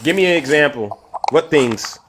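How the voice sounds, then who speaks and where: A man's voice: fairly high pitch, expressive, normal speed, background noise. A man hosting a live stream, arguing with callers and talking to his chat audience. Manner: combative, addresses chat and audience. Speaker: livestream host.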